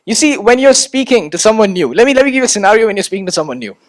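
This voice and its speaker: A young man from India gives a motivational talk to an audience. His voice sits high and lively, full of rhetorical questions and calls to the crowd. He often doubles a word as he builds up to a point. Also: rapid-fire. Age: 20s. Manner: animated, rhetorical, repeats words when starting. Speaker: student speaker. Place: stage at a talk event.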